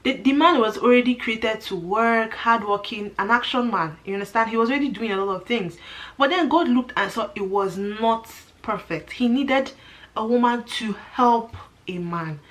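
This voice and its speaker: A woman's voice: a little high, moderate pace, rough recording. Woman vlogger chatting to camera. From Nigeria. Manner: animated, talks to viewers directly with frequent asides and restarts. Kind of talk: casual opinion vlog.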